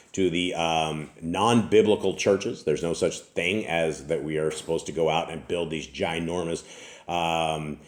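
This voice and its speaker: A man's voice: sits low, darkish tone. A man hosting a family scripture channel, joking casually and then preaching emphatically. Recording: echoey room.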